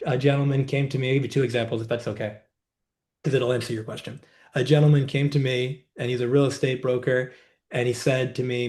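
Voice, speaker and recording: A man, a guest healer and coach, telling client stories in a measured, reflective way in a podcast interview. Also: mid-range voice, fairly even intonation, darkish tone.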